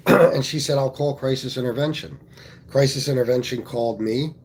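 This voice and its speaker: A man's voice: medium pitch, normal speed, a little hiss or hum. Blunt, profane man hosting a livestream. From Pennsylvania. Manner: blunt, profane, reads out viewer comments. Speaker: livestream host. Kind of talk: casual livestream chat.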